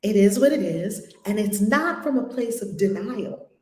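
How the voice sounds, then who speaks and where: Woman, spiritual group leader; animated, emphatic storyteller; mid-pitched, echoey room. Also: moderate pace. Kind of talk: conversational spiritual teaching.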